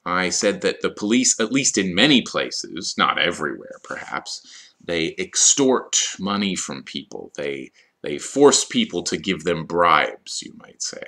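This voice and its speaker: Low-voiced guy explaining vocab slowly for esl learners, goes over words again. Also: sing-song, pushed and bright. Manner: slow, explanatory, repeats key words. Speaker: ESL teacher. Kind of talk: vocabulary lesson.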